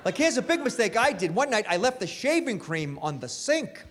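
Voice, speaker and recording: Male stand-up comedian, high-pitched, very animated, self-mocking, long hall reverb. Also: normal speed. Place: live comedy venue. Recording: live stage with hall reverb, faint noise.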